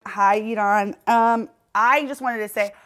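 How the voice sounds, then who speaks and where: A young woman from California hosting her own show, delivering a playful, animated comedic monologue. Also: mid-range voice, unhurried. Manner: playful, animated, breaks into impressions. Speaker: host.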